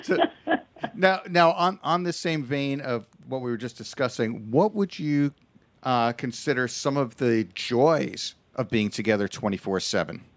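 A man's voice: medium pitch, lively intonation, a little slow, no echo. Joking male host, dry close sound. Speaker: interview host. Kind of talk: casual interview chat.

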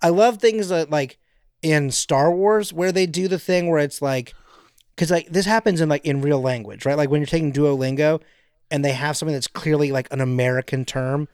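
A man's voice: fairly high pitch, moderate pace, a little mellow, smooth, no echo, clean studio sound. A man co-hosting a podcast in casual chat, rambling with lots of fillers and slipping into playful impressions. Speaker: podcast co-host.

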